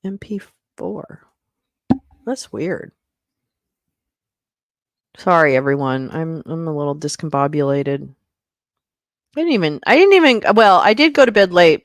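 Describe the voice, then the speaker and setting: A woman's voice: on the low side, dry recording, clean studio sound. A woman hosting a casual livestream, chatting in a scattered way and swearing and laughing as she fumbles with her setup. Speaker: livestream host.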